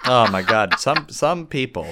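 A man's voice: medium pitch, expressive, measured pace, crowd noise. A man in a casual chat with friends, teasing and joking as he quizzes a friend on US states.

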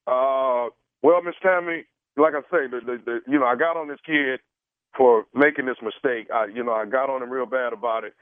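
A man's voice: medium pitch, normal speed, no echo. Hesitant man on a tinny phone line. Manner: hesitant, stalling with fillers. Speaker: radio prank caller. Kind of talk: prank phone call.

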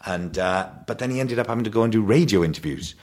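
A man's voice: fairly low pitch, lively intonation, fast, a little mellow. A man, a guest actor, telling family anecdotes in a casual chat with frequent laughs.

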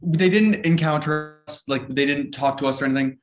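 A man's voice: on the high side, a little fast, faint music behind. A young man chatting casually as a guest, laughing often and mimicking quoted voices. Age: young adult. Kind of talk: casual chat. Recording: roomy room sound.

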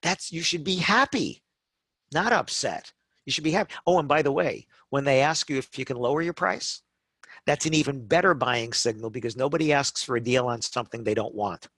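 A middle-aged man talking as a podcast guest, telling lively stories, acting out customers and often checking in with "right?". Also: mid-range voice, fairly quick, husky, dry recording. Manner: animated storytelling, acts out customers, frequent "right?" tags. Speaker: guest speaker on wedding business. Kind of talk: conversational podcast talk.

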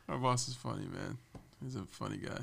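Heard over some background noise, a young man with a mid-range voice and vocal fry chats casually on a podcast as a guest. He tells stories animatedly, laughs a lot, and mimics his boss in a loud voice.

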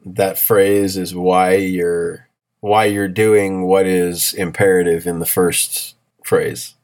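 A man's voice: low voice, little pitch movement, slow, darkish tone. A man studying a Hebrew text, answering hesitantly and joking about himself. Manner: hesitant, easygoing, self-deprecating. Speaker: student. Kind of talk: casual study chat.

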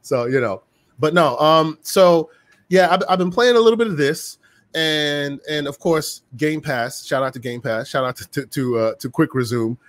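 A man hosting a casual gaming podcast, talking in an animated, chatty way with lots of fillers and restarts. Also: a little high, moderate pace, no room sound, studio quality. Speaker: podcast host.

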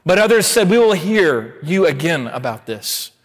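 A man preaching a sermon as pastor, reading scripture in a measured way with emphatic rises, then telling a story. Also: on the high side, big pitch swings, big-room sound. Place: church sanctuary.

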